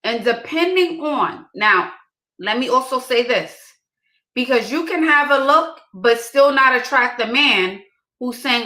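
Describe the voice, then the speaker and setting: A woman with a high, expressive voice speaks a little slowly, her tone pushed and bright, as she gives casual dating advice straight to camera. She's emphatic and keeps repeating her main points, and the recording has a roomy echo.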